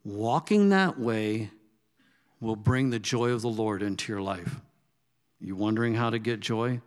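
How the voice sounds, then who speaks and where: Unhurried, a male pastor delivers his sermon conversationally, putting questions straight to the congregation and shifting from loud, emphatic outbursts to quiet, low asides.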